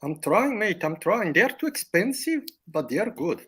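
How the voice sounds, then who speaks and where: Man playing a high, husky, bouncy fake-australian lad, says mate a lot. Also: sing-song, normal speed, fairly bright tone, heavily acted. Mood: pleading. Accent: put-on Australian. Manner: ends lines with "mate", pleading. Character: young man doing a mock Australian son, whiny.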